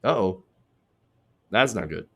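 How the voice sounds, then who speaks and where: A man's voice: fairly low pitch, expressive, slow, creaky, husky. A man hosting a political commentary show, reading out posts and mocking them in a sarcastic, chatty way, laughing at his own jokes.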